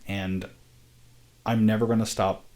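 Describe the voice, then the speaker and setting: A man's voice: lowish voice, flat delivery, a little slow, darkish tone. A man talking to camera in a casual, rambling vlog, earnest and sweary, often breaking into laughter. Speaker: vlogger, independent filmmaker.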